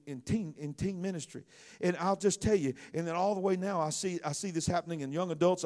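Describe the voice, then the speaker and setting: A man, a pastor, delivering a sermon that builds to loud, fervent preaching. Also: high voice.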